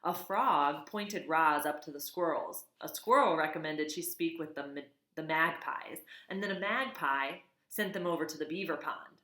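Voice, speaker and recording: A woman reading a children's novel aloud, expressive, with casual asides. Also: deep voice, moderate pace, few pauses. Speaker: reader. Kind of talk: storybook read-aloud. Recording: echoey room.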